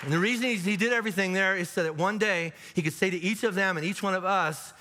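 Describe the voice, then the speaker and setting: Pastor, man, bright forceful voice, chatty sermon delivery full of restarts, live church hall reverb. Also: high voice, fast talker, hardly any pauses, some chatter behind. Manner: conversational, animated, many restarts and asides. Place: large church auditorium.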